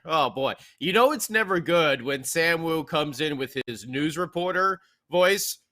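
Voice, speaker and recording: A man's voice: fairly high pitch, expressive, measured pace, hardly any pauses, sharp tone, dry recording. A male co-host recapping a hockey game in casual podcast chat, rambling and restarting his sentences.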